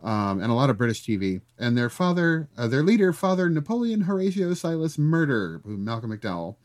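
A man's voice: medium pitch, brisk. A man in a casual movie podcast chat, recapping the plot with sarcastic asides. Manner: animated, sarcastic, recaps plots. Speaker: podcast co-host.

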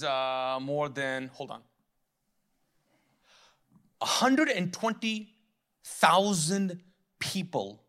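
Here a pastor's sermon comes across as playful and conversational, full of jokes he laughs at and impressions of biblical characters. His pitch is fairly high.

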